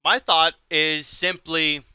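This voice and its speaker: High, sharp-voiced man ranting. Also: little pitch movement, takes it slowly, clear, resonant tone, no room sound. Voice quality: intense, heated, ranting. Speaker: livestream host. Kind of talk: livestream talk.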